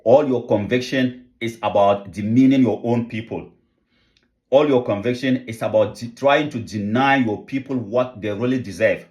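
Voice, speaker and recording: Man, from Africa, impassioned commentary, fervent, repeating rhetorical questions, mid-pitched. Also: normal speed, a little mellow, highs cut off. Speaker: online commentator.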